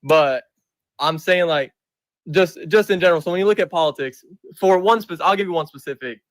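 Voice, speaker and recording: A man's voice: a little high, a little fast, no room sound. A young man of eighteen with a Michigan accent, calling into a stream to debate, casual and hesitant with lots of slang. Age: young adult.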